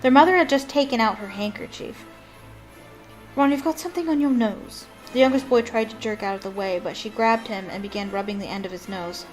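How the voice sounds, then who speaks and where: A woman's voice: mid-range voice, quick pace, few pauses, soft background music. A woman reading a novel aloud expressively, breaking off for chatty asides with ums.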